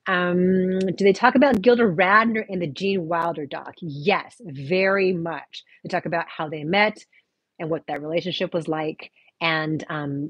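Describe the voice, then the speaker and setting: A woman's voice: low voice, slightly rough, no room sound. A woman with a light Texan accent hosting a casual livestream, chatting and answering viewer questions from comments on her phone. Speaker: movie review host. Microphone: phone on a tripod.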